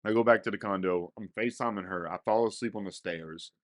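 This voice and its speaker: A man's voice: lowish voice, quick pace, dry recording. Young man, casual storyteller, profane and laughing, dry close sound. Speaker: storyteller guest. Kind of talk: casual podcast chat.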